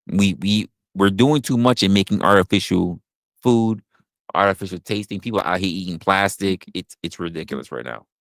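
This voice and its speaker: A man's voice: low voice, no room sound. A man hosting a talk show, ranting in a profane, emphatic way and repeating his points. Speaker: podcast host. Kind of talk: opinionated casual rant.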